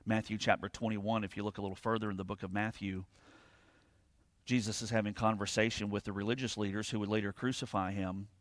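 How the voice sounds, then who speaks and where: Pastor preaching in a dry room. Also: male voice, fairly low pitch, little pitch movement, fast talker, no room sound. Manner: conversational preaching, frequent "right?" to the congregation; reads scripture aloud with rising emphasis. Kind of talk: sermon.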